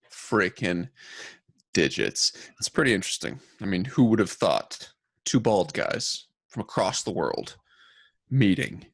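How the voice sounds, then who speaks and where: A man's voice: fairly low pitch, gravelly, husky, no echo. A man with an American Midwestern accent co-hosting a podcast, brash and joking, swearing freely. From United States. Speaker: podcast co-host, soft tissue therapist. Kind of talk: casual podcast chat.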